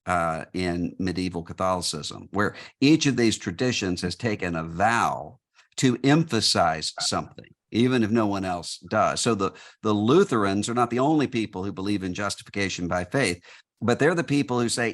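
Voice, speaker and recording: Deep-voiced man answering thoughtfully. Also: lively intonation. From United States. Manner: measured, thoughtful, frequent fillers and restarts. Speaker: guest. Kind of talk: conversational interview answers.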